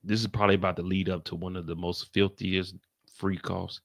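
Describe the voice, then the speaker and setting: Guy on a live stream reading court news, low gravelly voice, swears a lot, drops to a whisper sometimes. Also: level tone, fairly quick. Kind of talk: casual live commentary reading court updates.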